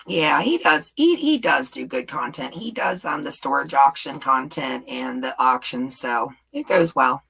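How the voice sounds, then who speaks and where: A woman's voice: a bass voice, expressive, a little slow, gravelly, few pauses, fairly bright tone, husky, low-quality recording. A woman hosting a rambling, casual live chat and reading viewer comments aloud. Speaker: livestream host.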